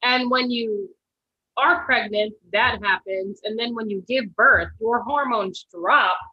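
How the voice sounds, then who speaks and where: A woman's voice: fairly high pitch, slow pace, husky, no echo. A young woman in casual chat, explaining things in an earnest way. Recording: dull dry sound.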